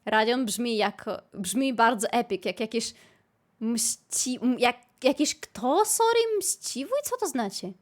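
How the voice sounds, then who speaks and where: A young woman, chatting casually with her live stream viewers, playful and quick to break into squealing laughter. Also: fairly high pitch, lively intonation. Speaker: livestreamer.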